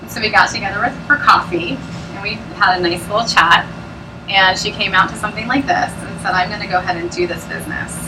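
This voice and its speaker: Bubbly woman pitching from afar. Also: fast, recorded from a distance, background noise. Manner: bubbly, chatty, laughs often. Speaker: presenter at a business opportunity meeting. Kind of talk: sales pitch talk to a live audience.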